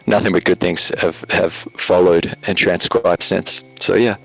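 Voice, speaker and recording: A man's voice: deep voice, little pitch movement, unhurried, vocal fry, slightly rough, rough recording. A man from Australia, a guest content creator, chatting loosely in an interview and telling jokey stories full of fillers, over a video call. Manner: joking, loose storyteller with frequent fillers. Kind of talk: casual interview chat. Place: home in Latvia.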